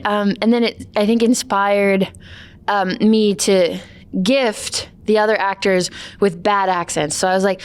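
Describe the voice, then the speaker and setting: A woman with a smooth, clean voice at a middle pitch chats about her work. She rambles easily and leans on fillers as she talks through her process. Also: steady tone, moderate pace. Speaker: filmmaker and lead actor. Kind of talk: casual interview.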